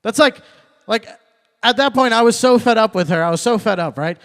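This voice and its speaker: A young man performing a stand-up set at an open mic, repeating his punchlines and working up to loud, indignant rants. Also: very high voice, expressive, a little fast. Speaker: stand-up comedian. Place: open mic comedy night venue.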